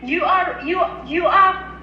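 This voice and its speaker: A woman's voice: extremely high pitch, takes it slowly, roomy sound, dull audio, slight background noise. A woman chatting with friends on a live call, fussing with her phone as she talks. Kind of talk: excited live chat.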